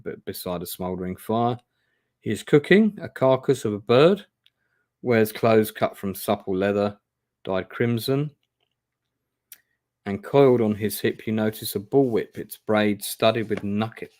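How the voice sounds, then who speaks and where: Indoors, a man narrates a live gamebook playthrough on stream, reading aloud and tossing in chatty, self-deprecating remarks. His voice is fairly low, slightly mellow, with no room sound.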